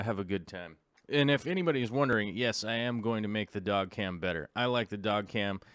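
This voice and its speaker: A man's voice: on the low side, a bit bright, clean tone, no echo. A tired, jet-lagged man hosting a casual live stream from home, rambling and restarting his sentences as he greets viewers. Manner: rambling, restarts often, chats with viewers and dog.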